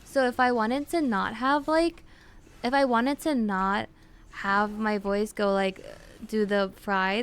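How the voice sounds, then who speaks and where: A woman streamer chatting casually with her viewers, talking with vocal fry and lots of fillers. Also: fairly high pitch, a little slow. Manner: chatty, answers chat with fillers and laughs.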